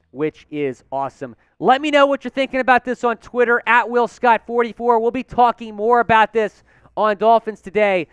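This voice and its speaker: Excitable high-voiced male sports host. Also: clear, resonant tone, dry recording. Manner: excitable, hyped, chants and cheers. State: out of breath. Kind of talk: live sports news chat.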